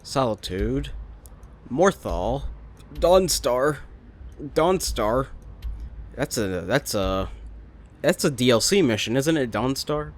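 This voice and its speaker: A man's voice: mid-range voice, lively intonation, slow, long pauses. A young adult man hosting a let's play, rambling and making sarcastic jokes at the game characters. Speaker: gaming channel host.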